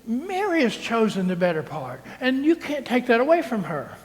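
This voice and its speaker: Preacher doing a chill gentle teacher guy, slow and patient, churchy echo. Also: very high voice, wildly swooping pitch, full character voice. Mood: soothing. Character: calm, gentle man teacher. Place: church sanctuary. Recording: long church reverb.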